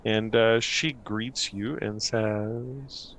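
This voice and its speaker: A man narrating as game master, unhurried and full of fillers. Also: fairly low pitch, fairly bright tone, slight background noise.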